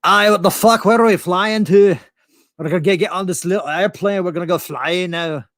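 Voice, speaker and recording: A chatty fake Scotsman with a thick, sing-song put-on Scottish brogue, the voice pushed noticeably higher than a man's usual speech, as a man hams it up. He rolls cheerfully through profane small talk in a dry, close recording. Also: moderate pace, a bit bright, dry recording. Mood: cheery. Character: fake Scotsman, jolly young man on a plane.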